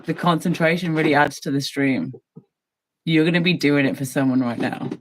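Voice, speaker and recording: A woman's voice: low-pitched, moderate pace, poor audio. A woman in casual chat, teasing and playful, laughing often.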